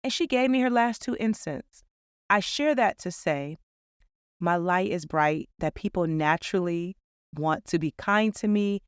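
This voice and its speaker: Woman podcast host, earnest and upbeat, smooth voice, dry close sound. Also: on the low side, unhurried, no echo. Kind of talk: reflective podcast monologue.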